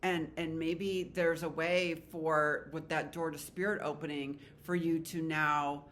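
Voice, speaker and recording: A woman's voice: low-pitched, little pitch movement, measured pace, a bit bright, slight background noise. A woman giving a casual tarot reading to her viewers, chatty and rambling, with an emotional, spiritual manner. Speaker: tarot reader.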